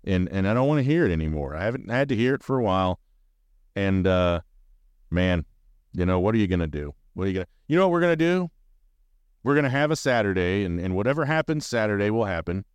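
A man's voice: low-pitched, lively intonation, fast, smooth, no echo. A man hosting a sports podcast, talking casually and animatedly as a fan, rambling and swearing freely. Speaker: podcast host.

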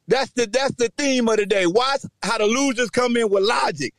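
A man hosting a sports podcast, delivering a loud, taunting trash-talk rant with shouting bursts. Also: very high voice, normal speed, few pauses, no echo. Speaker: podcast host.

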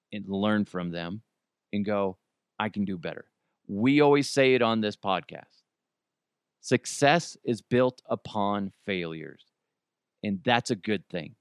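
A man's voice: lowish voice, no echo, studio quality. A man hosting a podcast, giving a casual, joking pep talk peppered with swearing. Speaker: podcast host.

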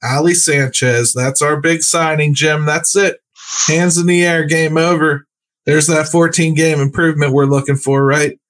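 A man hosts a sports podcast, chatting and joking casually and laughing easily as he talks. His voice is fairly high and fairly bright, with a flat delivery and moderate pace.

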